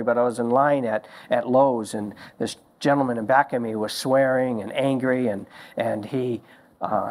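A man preaching a sermon as a pastor, telling stories in slow, emphatic phrases. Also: medium pitch, darkish tone.

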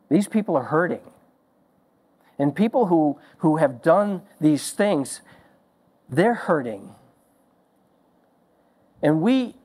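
A man preaching a sermon as a pastor, telling stories in slow, emphatic phrases. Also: fairly high pitch, darkish tone.

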